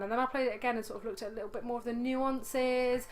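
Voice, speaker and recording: A woman's voice: a little high, fairly even intonation, quick pace, a crowd in the background. A woman co-hosting a gaming video, chatting casually while she plays, giggling often and swearing in passing. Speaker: co-host and game player.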